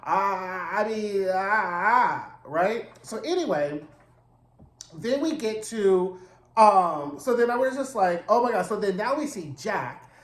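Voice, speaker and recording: A man recapping a TV episode in a casual monologue, animated, campy and profane in his storytelling. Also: high voice, slow, reverberant. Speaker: TV recap reviewer.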